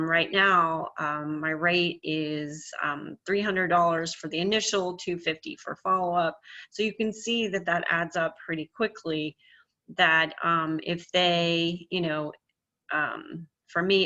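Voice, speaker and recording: A middle-aged woman talks shop as a coach, earnest and sure of herself, leaning into her points with conviction. Her voice sits a little low but sounds bright and forceful. The audio is dull and lo-fi. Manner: earnest, confident, emphatic. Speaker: hypnotherapist and business coach. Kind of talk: casual instructional talk to camera.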